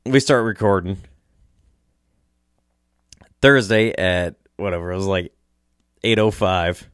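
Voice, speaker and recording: A man's voice: low voice, slow, clean tone, no room sound, studio quality. A man hosting a podcast, telling a story casually in a rambling, chuckling way, with restarts and swearing. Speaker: podcast host.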